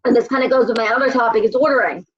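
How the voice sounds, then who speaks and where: A woman's voice: fairly high pitch, racing, slightly rough, highs cut off. A woman leading a casual motivational call for her sales team, blunt and swearing as she gives tough love.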